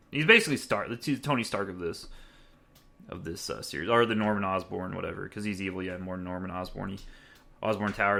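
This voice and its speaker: A young man hosting a podcast, giving a rambling, excitable movie review and laughing often. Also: lowish voice. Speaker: podcast host.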